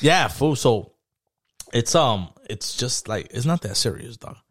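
A man's voice: mid-range voice, animated, measured pace, a bit bright. A young man co-hosting a casual podcast chat, slangy and profane, rambling as he tells work stories. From Mexican heritage. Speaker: podcast co-host.

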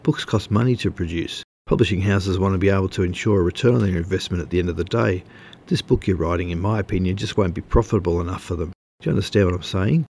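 A man's voice: deep voice, fast, vocal fry, darkish tone, slightly rough, full character voice. A man voicing a smug male magazine editor who lectures a writer over the phone. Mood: smug lecturing.

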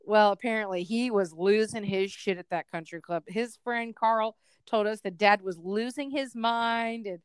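A woman's voice: mid-range voice, normal speed, hardly any pauses, smooth, no echo. A young adult woman co-hosting a podcast, telling a family story in casual chat and acting out relatives' voices. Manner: animated, does loud voices of family members in her stories. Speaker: podcast co-host.

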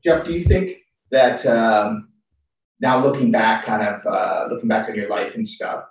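An Australian man hosting a podcast interview, asking questions in a relaxed, hesitant way with many fillers. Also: fairly low pitch, measured pace. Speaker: podcast host. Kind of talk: casual interview chat. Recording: distant echoey room mic.

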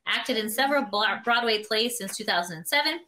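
A woman's voice: a little high, lively intonation, brisk, pushed and bright, slight background noise. A woman from Canada co-hosting a podcast, chatting casually and gushing, easily sidetracked. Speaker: podcast co-host. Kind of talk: casual chat.

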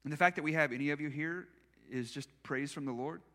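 A man's voice: a little high, quick pace, bright, forceful tone. A male pastor preaching a sermon in a church, telling personal stories in a conversational, self-deprecating way. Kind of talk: storytelling sermon.

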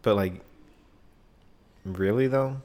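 A man's voice: lowish voice, slow pace, a little mellow. A young man in casual chat, laid-back and rambling, poking fun at himself.

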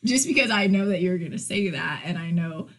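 A woman's voice: on the low side, animated, fairly quick, a bit bright. A woman in her twenties co-hosting a podcast, telling stories dramatically with lots of swearing and laughter. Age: 20s. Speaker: podcast co-host. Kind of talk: casual chat.

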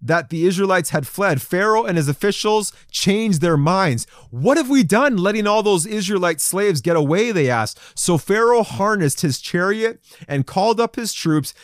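A man preaching a sermon to a men's group, reading scripture and acting out the people's voices with lively emphasis. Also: sits high, dry recording, studio quality. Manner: animated, acts out crowd voices in quotes. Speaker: pastor. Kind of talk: sermon to men.

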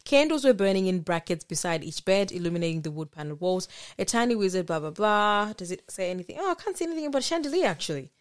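A woman's voice: mid-range voice, very animated, fast, hardly any pauses, clear, resonant tone. A woman co-hosting a casual podcast chat, talking animatedly, laughing often and reading passages from a book aloud. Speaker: podcast co-host.

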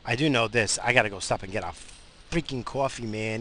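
A man's voice: mid-range voice, fairly quick, a bit bright, a little hiss or hum. A tired man hosting his own show, talking in a casual, rambling way with many restarts and fillers while driving. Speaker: podcast host. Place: in a car, driving.

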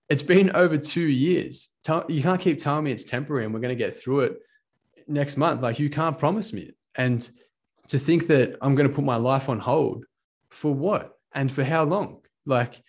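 A man, a fighter ranting casually and swearing freely. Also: medium pitch. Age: 20s. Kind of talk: casual monologue.

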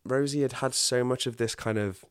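A man's voice: mid-range voice, steady tone, normal speed, clear, resonant tone, no echo, clean studio sound. A man, telling his personal story in a candid, confessional way on a podcast, often restarting his sentences. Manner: earnest, confessional, frequent restarts. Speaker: podcast guest.

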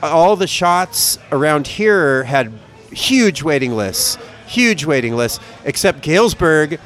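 A man's voice: fairly high pitch, lively intonation, slow pace, a bit bright, soft background music. A man from the American Midwest, co-hosting a casual podcast chat and telling long, rambling stories full of swearing. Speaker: podcast co-host.

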